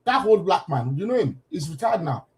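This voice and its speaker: A man's voice: high-pitched, sing-song, moderate pace. A man giving opinions in a casual panel chat and putting questions to the others.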